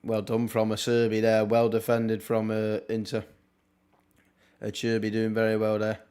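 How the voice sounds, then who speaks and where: A man's voice: on the low side, monotone, warm tone, smooth. Chatty young Englishman reacting to football. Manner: chatty, wry asides and quick reactions. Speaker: watchalong streamer. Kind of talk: casual live football commentary.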